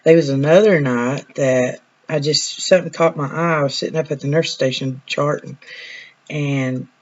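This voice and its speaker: A woman's voice: low voice, fairly even intonation, moderate pace, lo-fi sound. A woman, a nurse chatting casually in a vlog, telling stories in a folksy way that trails off now and then.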